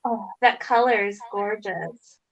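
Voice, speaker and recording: A woman's voice: mid-range voice, slow, dull audio. A woman appearing as a guest on a craft live stream, sympathetic and reassuring toward the host. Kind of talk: casual chat on a live stream.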